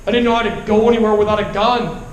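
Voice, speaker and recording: A man who is a military veteran telling his personal testimony at a revival service, emotional and halting, with a pleading tone. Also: high-pitched, steady tone, roomy sound, low-quality recording.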